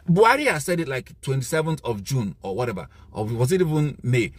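A Nigerian-accented man holds forth in a fired-up monologue, swinging widely in pitch as he climbs into indignant outbursts. His voice is husky and worn, like a voice being used up. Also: sing-song, a little fast. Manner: emphatic, rising to indignant outbursts. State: losing his voice. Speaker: commentator. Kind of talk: impassioned monologue.

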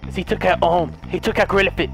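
A high-pitched young man reacting to a game in a frantic comedic commentary. He pleads, shouts and laughs through each round while faint music plays underneath. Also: steady tone, quick pace. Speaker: gaming video host. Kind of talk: comedic let's play commentary.

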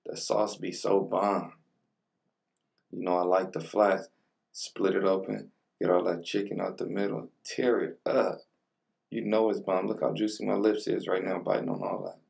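A man's voice: low voice, level tone, moderate pace, vocal fry, long pauses, darkish tone, recorded from a distance. A young man casually chatting through a food vlog, talking in laid-back slang between bites. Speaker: mukbang vlogger. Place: home room with colored lighting.

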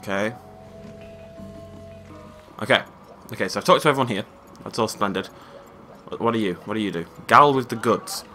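A man's voice: on the low side, a little fast, pauses often, pushed and bright, faint music behind. A man giving casual, chatty gameplay commentary, wry and talking to himself as he plays. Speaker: let's play gamer.

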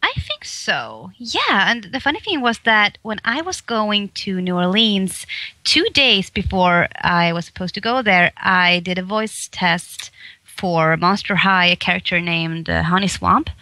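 A woman's voice: medium pitch, measured pace, no echo. A woman from Sweden, a voice actress, chatting in an interview and laughing often. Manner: giggly, animated, laughs often. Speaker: guest voice actress. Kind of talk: casual interview chat.

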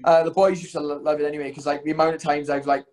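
A man's voice: on the high side, flat delivery, a little mellow, poor audio. A young man, a guest telling stories in a loose, rambling way full of fillers. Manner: rapid rambling delivery full of "um" and "like". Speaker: guest, pro fighter. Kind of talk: casual storytelling chat.

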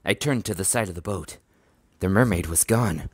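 A man narrates a children's storybook in a steady, even reading voice. His voice sits low. The recording is dry and close, with no room sound. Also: moderate pace, no room sound. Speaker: audiobook reader.

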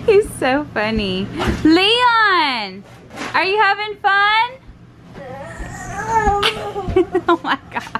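A young mother with a very high, slightly bright voice films her family around the kitchen and living room for a casual home vlog, giggling and cooing affectionately at her baby. Very animated yet slow and unhurried in speech, she's captured on a handheld home video with clear background noise.

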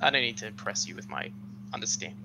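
Fast, lively man commentating a race. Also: lowish voice, vocal fry, a crowd in the background, poor audio. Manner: quick, animated banter, laughs often. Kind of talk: casual commentary on a speedrun race. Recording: steady hum under the voice chat.

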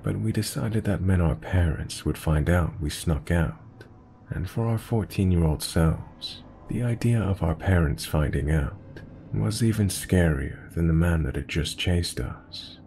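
Deep dark-voiced guy reading a scary story, steady and measured, faint hiss behind. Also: creaky. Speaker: horror story narrator. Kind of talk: scripted narration.

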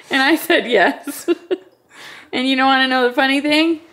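A young pregnant woman chatting casually in a home vlog, tired but playful and quick to laugh. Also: high voice, fairly bright tone. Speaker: vlogger and mother of two toddlers. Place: family home kitchen. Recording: noticeable background noise, clicks.

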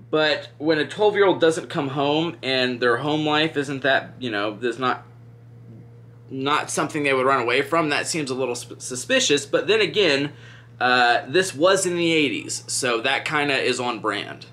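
Guy vlogging true crime while doing makeup, bright tone, says like a lot. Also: medium pitch, lively intonation, moderate pace. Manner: rambling, heavy use of "like" and "um".

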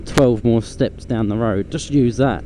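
Guy rambling on his scooter, swears a lot, mid voice, loud traffic noise behind. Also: mid-range voice, a little slow. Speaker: vlogger. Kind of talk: casual rambling vlog chat. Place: outdoors riding a scooter in traffic.

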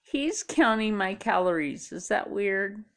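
A woman's voice: medium pitch, animated, unhurried, a bit bright. A tired middle-aged woman chatting casually to camera, rambling and musing aloud. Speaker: vlogger. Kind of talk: casual chat.

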